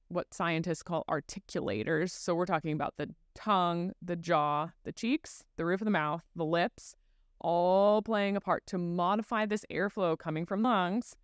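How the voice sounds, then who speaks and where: Smooth-voiced woman explaining step by step. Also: on the low side, no echo, clean studio sound. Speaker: guest expert on child speech development. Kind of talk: explanatory podcast interview.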